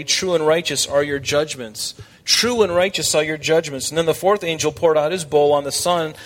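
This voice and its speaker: A man preaching a Bible sermon in a conversational way, talking straight to his congregation and raising his voice when he quotes scripture. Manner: animated, shifts pitch when quoting scripture figures. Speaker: pastor. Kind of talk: expository sermon.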